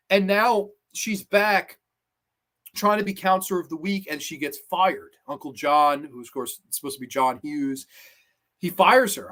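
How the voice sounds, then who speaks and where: High-voiced, excitable male horror host. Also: normal speed. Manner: enthusiastic, rambling fan talk. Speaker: horror movie reviewer and host. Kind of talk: livestream chat and movie review.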